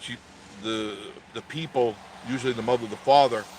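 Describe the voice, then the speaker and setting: A man's voice: mid-range voice, steady tone, moderate pace, darkish tone, slight background noise. A man hosting a casual vlog, telling a story in a rambling way with many restarts and self-corrections. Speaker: channel host.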